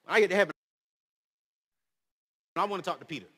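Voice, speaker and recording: A man in his thirties preaching to a crowd in a lively, joking way, his voice rising loud and dropping soft. His voice is high and bright. It rings with long reverb from a big hall. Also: fast talker. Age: 30s. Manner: animated storytelling, swings between loud and soft; humorous, slangy. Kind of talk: motivational speech.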